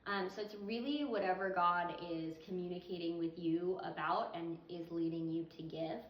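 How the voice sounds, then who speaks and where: A woman's voice: on the low side, fairly even intonation, normal speed. A woman reading Bible verses aloud and explaining them in an earnest, conversational teaching style. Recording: echoey, distant, slightly muffled.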